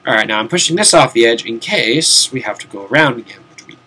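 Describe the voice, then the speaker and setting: A young man chats his way through a video game on stream, his pitch swinging widely as he rambles, mocks himself and mutters. He sounds a little tired, and a faint hiss sits under his voice from a home desk mic. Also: animated, fast, pushed and bright. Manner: rambling, self-mocking, swears casually, mutters to himself. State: tired, yawning. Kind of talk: casual let's-play commentary. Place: home room, seated at a desk.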